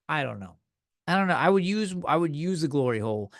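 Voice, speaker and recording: A man's voice: on the high side, sing-song, fast talker, no room sound, studio quality. A young man hosting a comedy podcast, ranting in a heated, profane, exaggerated way. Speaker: podcast host. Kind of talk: comedic rant.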